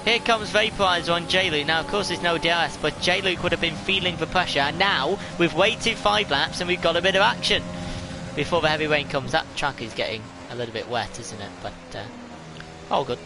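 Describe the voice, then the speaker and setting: A man's voice: on the high side, brisk, music in the background. A man giving live, chatty commentary on a sim race, rambling and laughing at himself.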